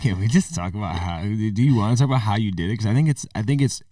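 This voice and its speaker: Deep-voiced relaxed man co-hosting. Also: fast talker, dry recording, studio quality, recorded from a distance. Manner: relaxed storytelling, playful. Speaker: podcast co-host. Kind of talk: casual chat.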